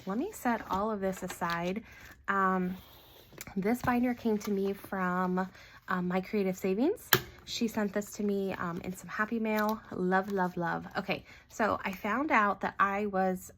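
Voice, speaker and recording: A chatty woman hosts a casual budgeting vlog in a mid-range voice. She talks in an animated way, full of ums and quick laughs. There is a faint hiss of noise behind her. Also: mid-range voice. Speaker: budgeting channel host. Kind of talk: casual cash-stuffing vlog.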